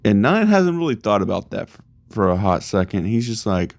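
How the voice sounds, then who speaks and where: A man's voice: on the low side, animated, moderate pace, creaky, a little mellow, no room sound. A man casually narrating a fan story in a loose, chatty way with many fillers.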